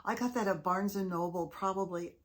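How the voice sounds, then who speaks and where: A woman's voice: mid-range voice, fairly quick. A woman hosting a casual crafting vlog, chatty and enthusiastic as she shows off her handmade pieces. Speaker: craft video host.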